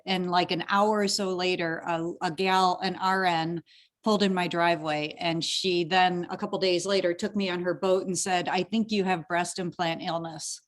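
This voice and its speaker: In a casual interview chat on her podcast, a woman talks emotionally with her guest and frequently restarts sentences. She speaks at normal speed with a lowish voice and fairly even intonation.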